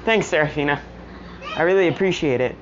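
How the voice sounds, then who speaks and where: Casting: woman reading a soft, unsure teen boy hero, lowish voice, muffled lo-fi recording with home noise behind. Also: brisk, close to an everyday voice. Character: timid quirkless teenage boy hero. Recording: muffled lo-fi audio with household noise.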